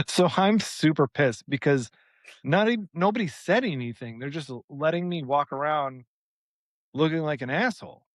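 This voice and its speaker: A man cohosting a podcast, telling an exasperated, animated story in casual chat with plenty of swearing. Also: on the high side, normal speed, no room sound. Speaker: podcast co-host.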